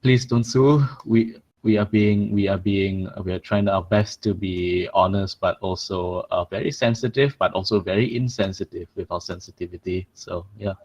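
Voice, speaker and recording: A man's voice: low voice, fairly even intonation, moderate pace, few pauses, darkish tone, muffled recording. A young man, co-hosting a podcast in casual, joking banter, often laughing and restarting his sentences. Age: young adult. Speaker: podcast co-host.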